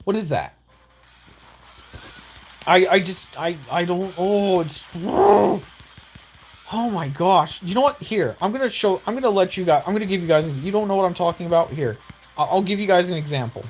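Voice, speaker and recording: A young man giving excitable, rambling gameplay commentary with exaggerated outbursts. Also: high-pitched, normal speed, slight background noise. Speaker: gaming YouTuber.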